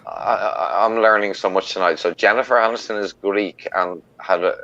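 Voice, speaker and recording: A man's voice: on the low side, fairly even intonation, normal speed, sharp tone. A man co-hosting a casual late-night chat, teasing and prodding the others. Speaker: podcast co-host. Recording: slightly dull lo-fi audio.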